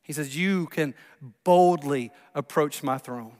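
Male pastor, high-pitched, preaching in a reverberant hall with sharp drops to a hush. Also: takes it slowly. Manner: swings from loud emphasis to hushed near-whispers. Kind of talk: sermon. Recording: long reverb of a large hall.

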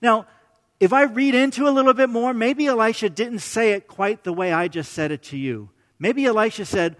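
In a large hall, a man preaches a sermon conversationally, often restarting phrases and checking in with "right?". His voice is high-pitched and fairly bright, at normal speed.

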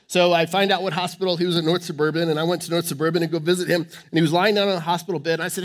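Pastor guy preaching in church, kinda high voice, repeats himself a lot, keeps restarting lines. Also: fairly even intonation, very fast, few pauses. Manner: repetitive, emphatic preaching with frequent restarts. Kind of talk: sermon.

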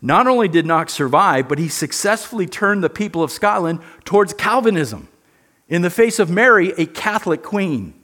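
A man's voice: high voice, very animated, moderate pace, a bit bright. A man teaching a church history lesson in an earnest, emphatic way, often repeating words.

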